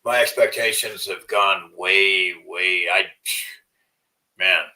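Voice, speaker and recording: A man's voice: deep voice, fairly even intonation, slow pace, sharp tone, far from the mic, poor audio. A man hosting a livestream in a rambling, profane way, often trailing off into mumbles. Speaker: livestream host. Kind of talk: casual livestream rant.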